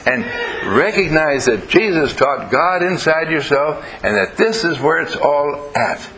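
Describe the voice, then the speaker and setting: A man, a minister, giving a lively sermon full of stories, playful and acting out little voices. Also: fairly high pitch, measured pace, background noise. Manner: animated, playful, acts out voices in anecdotes.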